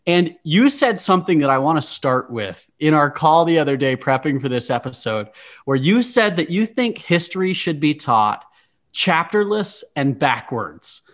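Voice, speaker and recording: A man's voice: fairly high pitch, sing-song, moderate pace, a bit bright. A young man from Utah hosting a podcast, friendly and upbeat, with a casual chatty delivery. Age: young adult. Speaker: podcast host. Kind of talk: casual podcast chat and episode intro.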